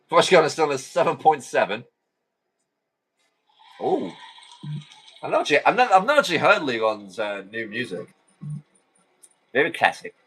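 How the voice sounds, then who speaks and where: A man's voice: mid-range voice, a bit bright, slightly rough, poor audio. Chatty male game commentator. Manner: chatty, rambling asides between calls. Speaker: host. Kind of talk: live football game commentary.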